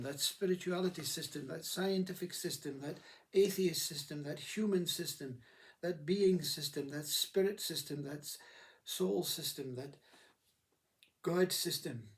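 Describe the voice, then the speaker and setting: A man's voice: fairly high pitch, darkish tone, distant mic. A man giving a reflective spiritual talk who acts out inner voices as he speaks. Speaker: spiritual teacher.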